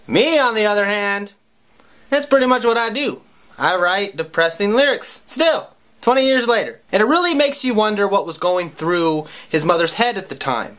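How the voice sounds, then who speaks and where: A man's voice: high voice, pushed and bright. A man around thirty, a musician, telling a comic personal story in a wry, profane, self-mocking way. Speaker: musician and vlogger.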